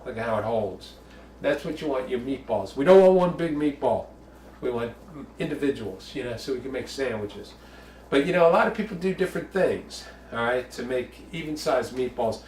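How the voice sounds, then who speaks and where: A man's voice: mid-range voice, expressive, moderate pace, darkish tone, reverberant, distant mic, a little hiss or hum. A man from the Bronx, hosting a casual home cooking show, chatty and jokey with bawdy asides. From the Bronx, New York.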